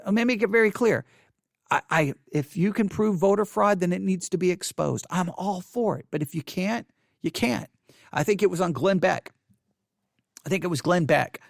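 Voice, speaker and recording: A man's voice: high-pitched, lively intonation, moderate pace, vocal fry, dry recording, studio quality. A man hosting a podcast, giving impassioned commentary in an earnest, pleading way and repeating phrases for emphasis. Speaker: podcast host. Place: home studio in Texas.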